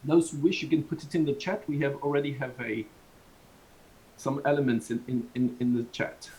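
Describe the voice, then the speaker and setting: A man's voice: mid-range voice, fairly even intonation, moderate pace, a little mellow, rough recording. A man from Southern France with a Southern French accent, giving an online university lecture in a rambling, restarting way with small chuckles. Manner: rambling, many restarts, chuckles between points. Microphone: video call.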